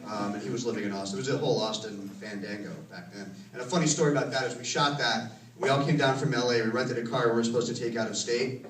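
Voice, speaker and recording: A man's voice: mid-range voice, fast. Rambling man telling stories in a cinema. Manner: rambling, self-correcting, laughs while telling stories. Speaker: filmmaker answering audience questions. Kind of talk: casual Q and A storytelling. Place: cinema auditorium. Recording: roomy, distant from the mic, faint noise.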